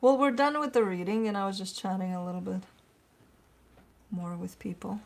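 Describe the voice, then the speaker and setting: A woman's voice: medium pitch, steady tone, moderate pace, vocal fry, a little mellow. A woman who reads tarot, chatting casually on a live stream at home and cooing over her dogs between remarks.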